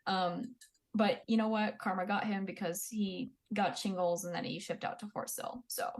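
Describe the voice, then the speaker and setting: A woman in her twenties sits in as a podcast guest and recounts her past in plain, candid talk. Her manner is blunt and profane. Her voice sits at a middling pitch for a woman. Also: steady tone, normal speed. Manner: blunt and profane, acts out quoted people. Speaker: podcast guest, Army veteran. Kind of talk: candid casual storytelling.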